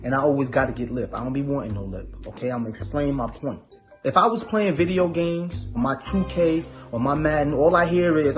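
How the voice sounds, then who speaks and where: A man's voice: on the high side, normal speed, fairly bright tone, soft background music. A married man co-hosting a podcast, venting in a playful, exaggerated way and teasing his wife. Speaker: co-host. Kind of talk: comedic podcast banter.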